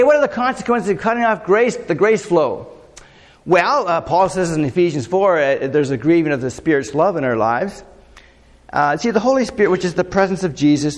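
Chatty pastor in an echoing hall. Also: male voice, medium pitch. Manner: conversational, rambling with fillers and rhetorical questions. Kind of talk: sermon.

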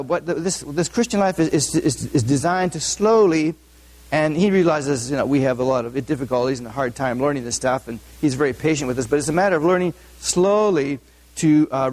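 Man preaching with a higher voice. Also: lively intonation, moderate pace, darkish tone. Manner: asks the audience frequent questions; informal, with many fillers and restarts. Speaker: pastor. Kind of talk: conversational sermon.

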